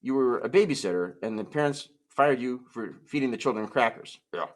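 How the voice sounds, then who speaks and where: A man's voice: mid-range voice, animated, brisk. A man performing a comic ventriloquist act, talking to his puppets in playful, stammering children's show patter. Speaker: musical ventriloquist.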